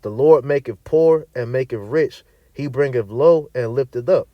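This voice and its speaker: A man's voice: mid-range voice, normal speed, no echo, dull audio. A man preaching and teaching scripture, emphatic and repetitive, often tagging his points with "all right" and reading verses aloud. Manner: reads verses aloud in archaic wording; mutters away from the mic while searching.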